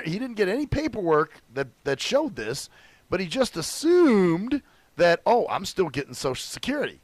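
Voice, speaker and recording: Animated, profane young man telling stories. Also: sits high, no room sound. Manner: profane, animated storytelling with acted quotes. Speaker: radio show host. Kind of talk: casual chat.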